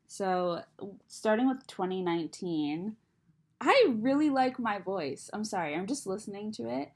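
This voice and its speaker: A woman's voice: on the low side, slow pace. A young adult woman chatting casually to camera, rambling and self-deprecating, with a slight lisp from braces. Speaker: vlogger.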